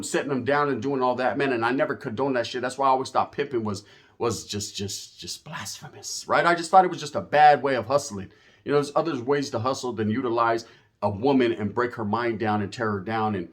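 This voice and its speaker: Profane man ranting. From US West Coast. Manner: profane, emphatic street slang; animated, swings between loud and low. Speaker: channel host. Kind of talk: casual storytelling rant to camera.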